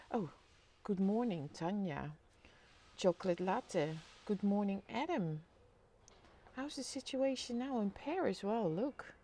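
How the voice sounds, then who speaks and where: A middle-aged woman, chatting casually on a live stream, greeting viewers by name and reading out their comments. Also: medium pitch. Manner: chatty, reads viewer comments aloud, bursts into excited squeals. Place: home by a window overlooking a city street.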